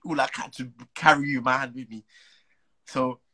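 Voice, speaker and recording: A young man, a footballer telling an animated, slang-filled story as a guest. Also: mid-range voice, moderate pace, breathy edge, rough recording. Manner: animated, slang-heavy, acts out the people he quotes. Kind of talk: casual storytelling.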